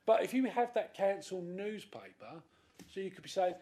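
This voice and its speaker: A man, a councillor speaking in a committee debate, animated and acting out other people's voices. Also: high voice, normal speed. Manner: animated, acts out quoted voices. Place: council chamber.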